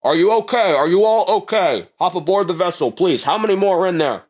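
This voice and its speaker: A man's voice: sits high, expressive, a little fast, pitched above the performer's own voice. A man doing a worried paramedic. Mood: urgent. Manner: urgent and concerned. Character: anxious field paramedic checking survivors.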